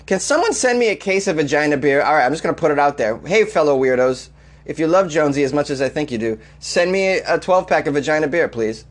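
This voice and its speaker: A man's voice: fairly high pitch, expressive, quick pace. A man hosting a comedic weird-news podcast, reacting with incredulous laughter and riffing loosely between read-outs. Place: Los Angeles.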